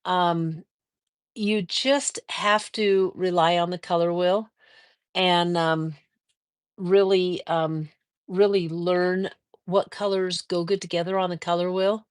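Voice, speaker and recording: A woman's voice: on the low side, fairly even intonation, clear, resonant tone, dry recording, studio quality. Chatty older woman hosting a quilting livestream. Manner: chatty, encouraging, drawn-out fillers. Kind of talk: casual live-stream chat reading viewer comments.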